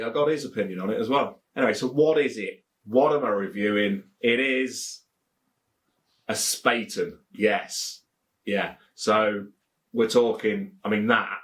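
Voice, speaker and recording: With a lowish voice and a Leicestershire accent, an Englishman reviews beer in a relaxed to-camera chat. He rambles, cracks jokes, and says the same phrases over again.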